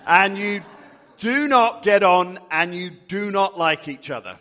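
Man, jovial group storyteller, slow pace, bright voice, long hall echo. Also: high-pitched, lively intonation. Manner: jovial, chatty, laughs often. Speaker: storyteller leading a group activity. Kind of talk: interactive Bible storytelling to a group. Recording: echoey hall.

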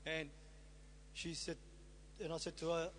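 A man's voice: on the high side, completely flat delivery, measured pace, a bit bright. A middle-aged man sharing his testimony as a sermon to a congregation, telling his story with rhetorical questions. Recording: reverberant hall with faint hum.

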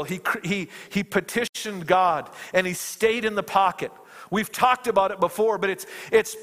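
A man preaching a sermon with passion, his voice climbing as he voices fervent prayers and often repeating his words. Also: a bit bright. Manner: impassioned, rises in pitch when quoting prayers, repeats words. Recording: long reverb of a large hall.

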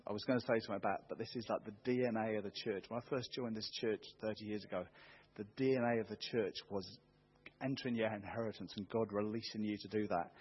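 Husky man preaching a rousing sermon. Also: lowish voice. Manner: earnest, rousing, quoting scripture with rising force. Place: church. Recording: dull muffled church recording.

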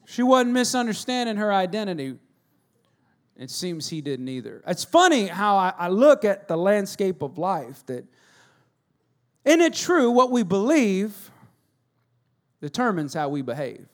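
A middle-aged man preaching a sermon as a pastor, telling stories with humor and swinging between loud and hushed delivery. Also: high voice, sing-song, unhurried, pauses often.

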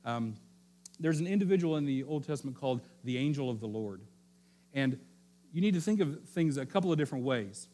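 A man's voice: mid-range voice, lively intonation, a little fast, dark tone. Man preaching a sermon, asking "okay?". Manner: teaching, repeats key phrases and checks in with "okay?". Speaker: pastor.

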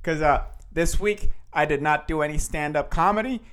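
A young man with a high, bright-sounding voice hosts a goofy solo podcast. He talks in an animated, self-motivating way, looping his phrases and swinging between loud bursts and quieter asides. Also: normal speed, clear, resonant tone. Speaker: podcast host and stand-up comedian. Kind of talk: casual solo podcast monologue.

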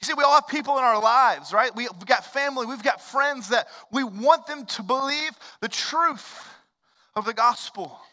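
A male pastor preaching a sermon in a conversational storytelling way, dropping to hushed lines and rising to loud, emphatic ones. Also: very high voice, animated, normal speed. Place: large church hall. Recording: long reverb of a large hall.

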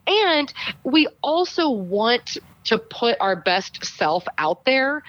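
Woman voice coach giving advice, deliberate and emphatic, kinda muffled sound. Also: medium pitch, a bit bright, no echo. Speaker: speech professor and voice coach. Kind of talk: podcast guest giving advice.

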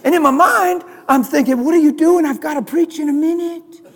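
A man preaching a sermon, telling a personal story and swinging from hushed, soft lines to loud, emphatic ones. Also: very high-pitched, fairly quick, vocal fry, in a large hall.

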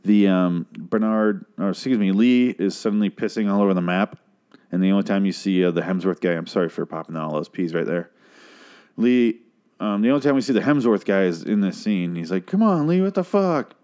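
Low voiced guy ranting thru a tv recap, sarcastic, lots of swearing. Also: a little fast, mellow, clean tone. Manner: rambling, sarcastic, swears a lot. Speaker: TV episode recapper. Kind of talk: casual episode recap.

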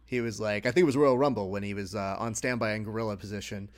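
A man's voice: lowish voice, fairly even intonation, quick pace, dry recording. A man hosting a podcast, chatting casually and joking wryly. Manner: joking, wry. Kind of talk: casual chat.

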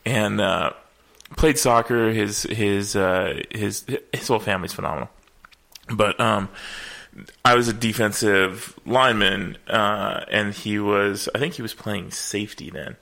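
A man's voice: on the low side, fairly even intonation, measured pace, creaky, sharp tone. A man around forty hosting a casual chat, telling stories in a laid-back way, swearing and trailing off with fillers. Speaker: comedian, host.

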